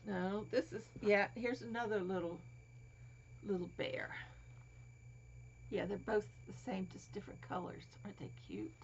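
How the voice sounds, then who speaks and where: A woman's voice: medium pitch, a little slow, long pauses. A woman showing crafts in a casual vlog, cooing over little toys and often dropping to a whisper. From Florida. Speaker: crafting vlogger. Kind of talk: casual show-and-tell vlog. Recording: dull lo-fi home recording, faint hiss.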